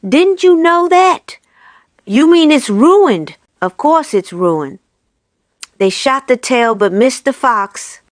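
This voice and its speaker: Impatient, commanding farmer's wife, put on by a woman reader; drawn-out, bossy delivery, dry close sound. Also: high-pitched, expressive, dry recording, voice pushed up.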